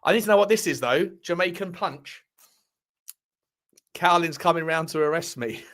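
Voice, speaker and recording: A chatty man hosts a casual live stream, reading chat and rambling and bantering with viewers. He's animated and laughs often, speaking at a moderate pace in a voice that sits a bit high for a man and sounds a bit bright.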